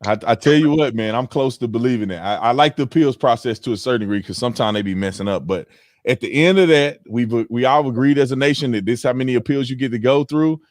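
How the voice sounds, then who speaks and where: Speaking fast at a medium pitch, the male host of a laid-back panel livestream spins lively stories full of slang, performing other people's lines himself. The audio is clean studio sound without echo.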